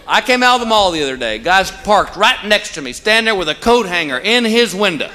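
A man doing a stand-up routine, telling stories and slowing down for punchlines. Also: high voice, very animated. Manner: drawling storyteller, punchlines delivered slow. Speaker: stand-up comedian. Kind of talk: stand-up routine before a live crowd. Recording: live club recording with loud crowd.

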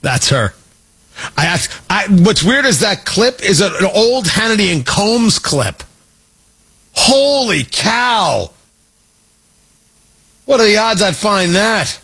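Male talk-radio host, bright and lively, slightly husky, mocking and opinionated. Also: high-pitched, unhurried. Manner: sarcastic and mocking, with frequent restarts. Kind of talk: opinionated talk show monologue.

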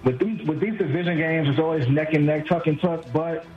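A man's voice: a little high, brisk, highs cut off, faint music behind. A man from Brooklyn with a Brooklyn accent, calling in to a sports radio show, blunt and self-deprecating. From Brooklyn, New York. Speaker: caller. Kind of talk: call-in radio chat.

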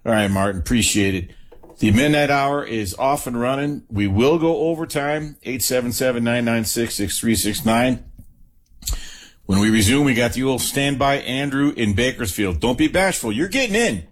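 Man sports radio host, emphatic, rattles off station promos fast, studio sound. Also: mid-range voice, lively intonation. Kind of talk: late-night sports talk radio.

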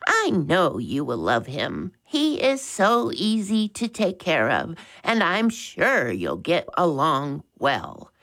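A woman voicing an elderly, hard-of-hearing lady who talks slowly and dotes on her little dog. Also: low voice, huge pitch swings, full character voice. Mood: doting. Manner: slow, loud, doting.

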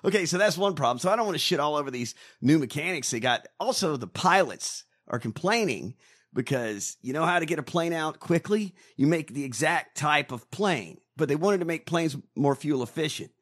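A man co-hosting a casual podcast, ranting and swearing in animated bursts. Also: on the high side, a little fast. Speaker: co-host.

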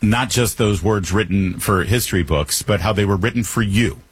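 A man's voice: fairly low pitch, moderate pace, husky, dry recording. A male talk radio host delivering a joking monologue in a wry, teasing manner, slipping in puns.

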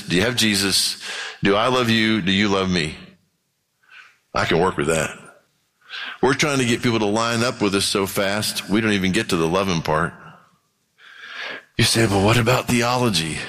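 A pastor preaching a sermon in a conversational way, often growing impassioned. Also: male voice, on the low side, bright, forceful tone. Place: church. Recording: long reverb of a church hall.

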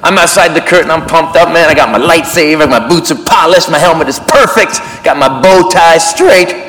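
A man telling a stand-up story, shouting his punchlines with animated energy. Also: a little high, a little fast, soft background music, low-quality recording. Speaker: stand-up comedian. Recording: live club set with loud audience laughter.

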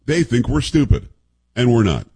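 A man's voice: medium pitch, sing-song, normal speed, mellow, breathy edge. A man hosting a talk radio show, delivering a combative, mocking monologue and reading ads.

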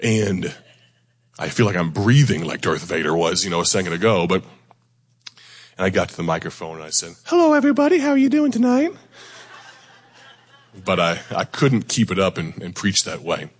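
Deep-voiced hoarse male preacher. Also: moderate pace, long reverb tail. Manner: folksy, conversational, self-deprecating. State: hoarse, near losing his voice. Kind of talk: sermon. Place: church sanctuary before a congregation.

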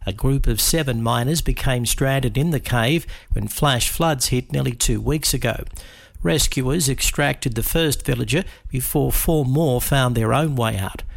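A man reading a radio news bulletin in a steady, measured way. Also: mid-range voice, gravelly. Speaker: newsreader.

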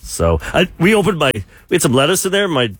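A man's voice: a little high, huge pitch swings, brisk, husky, no room sound. Male radio host, mid-range voice, dry booth sound, playful teasing. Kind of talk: casual radio chat and news reading.

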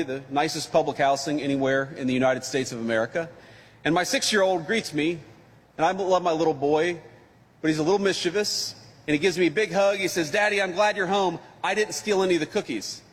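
A man's voice: fairly high pitch, in a large hall. A man delivering a public speech, telling a folksy, joking anecdote about his family. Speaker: politician giving a speech.

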